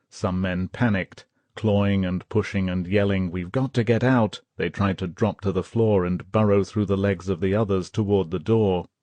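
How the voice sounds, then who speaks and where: Low-voiced man narrating an audiobook. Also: no room sound. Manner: measured, steady storytelling, voicing characters' shouts. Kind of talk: scripted narration.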